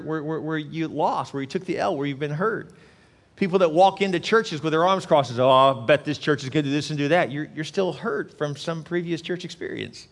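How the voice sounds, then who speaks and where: A man's voice: sits high, in a large hall. A male pastor preaching a sermon in an earnest, repetitive way, acting out quotes as he goes.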